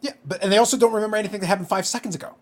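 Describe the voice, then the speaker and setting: A man's voice: high-pitched, racing. A man co-hosting a casual podcast chat, ranting with profanity and disbelief. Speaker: podcast co-host.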